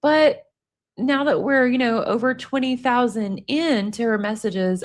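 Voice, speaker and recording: A woman's voice: fairly high pitch, unhurried. An American woman chatting casually on a livestream, reading viewer comments aloud and rambling on between them. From United States. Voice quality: says y'all, self-described hillbilly.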